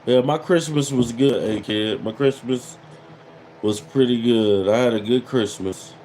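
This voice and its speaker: A man's voice: medium pitch, unhurried, a little mellow, slight background noise, rough recording. A man in his thirties hosting a casual livestream, reading viewer comments and mocking them with repeated catchphrases. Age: 30s. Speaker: livestream host.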